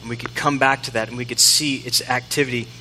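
A man's voice: mid-range voice, steady tone, fast, bright, forceful tone, slight background noise. A middle-aged man preaching a conversational, self-deprecating sermon in a church, acting out the voices he quotes. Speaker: pastor. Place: church sanctuary. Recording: long hall reverb.

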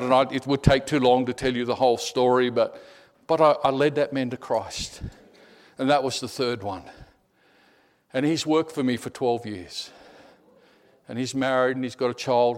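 Animated man preaching with stories. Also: medium pitch. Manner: animated storyteller, repeats words, drops to a hush. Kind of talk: sermon with personal storytelling.

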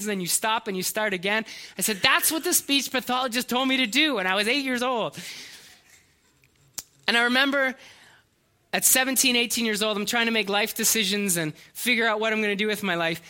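High, bright-voiced preacher man. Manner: earnest storytelling preacher, slight hesitations and restarts. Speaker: pastor. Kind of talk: sermon.

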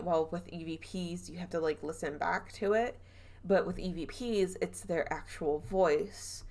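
Southern lady podcast host, lowish voice, chatty and animated, acts out the quotes. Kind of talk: casual storytelling chat.

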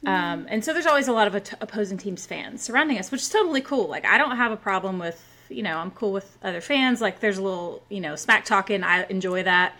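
A woman in her forties telling a story in casual podcast chat, rowdy and animated, with plenty of asides. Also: medium pitch, fast talker. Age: 40s. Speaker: podcast co-host.

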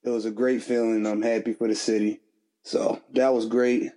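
A man co-hosting a podcast, talking in a relaxed, slangy way and laughing often. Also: lowish voice, moderate pace. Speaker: podcast co-host. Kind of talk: casual chat.

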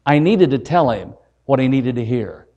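A man's voice: mid-range voice, lively intonation, moderate pace, warm tone, lo-fi sound. A middle-aged man, an evangelist, preaching a folksy, humorous sermon and keeps checking in with the crowd.

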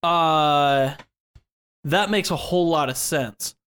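A man's voice: a little high, takes it slowly, fairly bright tone, clean tone. A man co-hosting a casual podcast, running a quiz game in a playful, joking way and laughing often.

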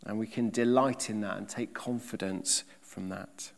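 A man preaching a sermon, emphatic, with rhetorical questions and swings between loud and soft delivery. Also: on the low side, steady tone, a little slow, gravelly, big-room sound.

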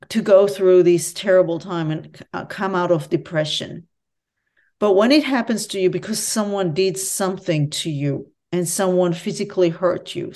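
Earnest woman with a lowish voice. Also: a little mellow. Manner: earnest, reflective, speaks candidly about personal pain. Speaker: guest, professor and author. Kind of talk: conversational interview storytelling.

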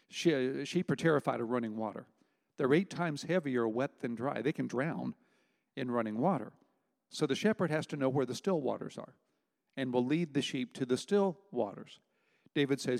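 A middle-aged man preaching a sermon as pastor, talking in a conversational way with emphatic pauses. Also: medium pitch, creaky, a little mellow. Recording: long hall reverb.

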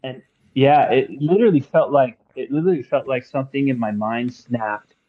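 A man who works as a tattoo artist, a guest on a podcast, telling his story in a casual, halting way with many fillers and restarts. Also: medium pitch, narrow, tinny audio. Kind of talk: casual conversational testimony.

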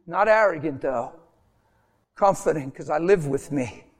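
A man's voice: on the high side, expressive, unhurried. A man preaching a sermon with passion, talking straight to his congregation and asking them questions. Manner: passionate, swings from shouting to near whisper; talks to congregation directly, asks questions. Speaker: pastor.

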